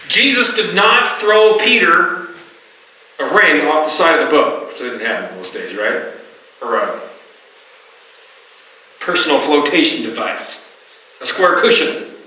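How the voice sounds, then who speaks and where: Middle-aged pastor preaching in a roomy church. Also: male voice, a little high, lively intonation, takes it slowly, long pauses, bright, forceful tone. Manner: conversational, often asks the congregation "right?". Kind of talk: sermon. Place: church sanctuary. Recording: roomy hall, distant mic.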